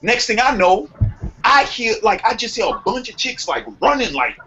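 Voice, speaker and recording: A young man telling a long story in casual podcast chat, profane and animated, acting out quotes. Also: extremely high pitch, moderate pace. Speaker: podcast co-host. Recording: muffled lo-fi sound with faint noise.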